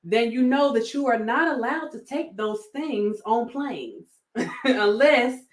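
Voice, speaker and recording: A woman's voice: a little high, expressive, takes it slowly. A woman with a Southern American accent, hosting a casual commentary vlog, sassy and laughing often as she talks to her viewers. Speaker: YouTube commentary host.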